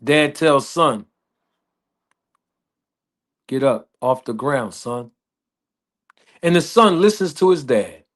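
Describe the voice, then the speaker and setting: A man telling a story slowly and deliberately, repeating phrases as he builds it up. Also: medium pitch, expressive, fairly bright tone. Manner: slow, deliberate, repetitive storytelling with laughs. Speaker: podcast host. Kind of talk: slow storytelling.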